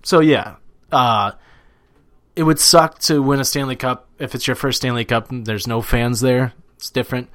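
A young man chatting casually about sports as a podcast co-host, animated and swearing freely, with plenty of fillers. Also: medium pitch, moderate pace.

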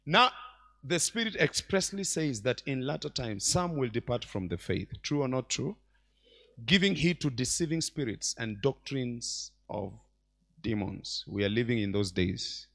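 A man preaching a sermon in church as bishop, swinging between loud exclamations and quiet asides. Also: medium pitch, a little slow, vocal fry. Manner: animated preacher, mixes shouts with quiet asides.

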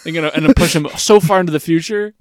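A man of middle pitch co-hosts a podcast and retells a TV episode in easy, casual talk. He tosses in dry jokes and reads characters' lines in passing. The recording is dry and close. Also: very fast, dry recording. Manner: wry, jokey interjections, retells scenes with quoted voices. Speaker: podcast co-host. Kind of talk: casual chat recapping a TV episode.

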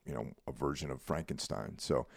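A man's voice: extremely low pitch, fairly quick, gravelly, no room sound, clean studio sound. A man co-hosting a podcast in laid-back, rambling casual chat, often checking in with his co-host. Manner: laid-back, rambling, leans on "you know what I mean".

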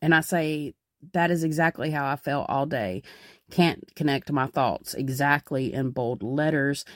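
A woman's voice: low voice, measured pace, dry recording, studio quality. A woman hosting a podcast, talking casually in a rambling way with many fillers and restarts. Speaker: podcast host.

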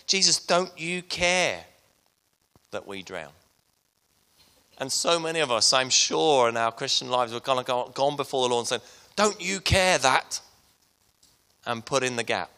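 A man preaching a sermon to his congregation, retelling a Bible story and then speaking softly and personally to the listeners. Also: mid-range voice. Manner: storytelling preacher, soft and intimate at the close. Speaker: pastor.

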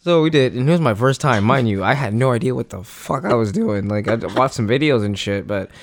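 A man's voice: mid-range voice, expressive, brisk, a little hiss or hum. A man co-hosting a podcast, telling a story loosely and profanely, chuckling between phrases. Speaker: podcast co-host. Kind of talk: casual storytelling chat.

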